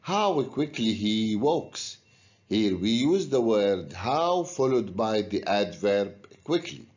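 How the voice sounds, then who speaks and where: A man teaching an English grammar lesson to students in a recorded video, explaining slowly and guiding them step by step. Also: fairly low pitch, a little mellow, lo-fi sound.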